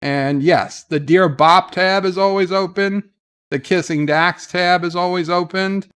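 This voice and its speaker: A man with a somewhat high voice hosts a casual livestream and answers his chat. He rants bluntly and swears freely. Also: fairly even intonation, a little slow, fairly bright tone, clean tone. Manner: ranting, profane, blunt. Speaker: livestream host reading chat.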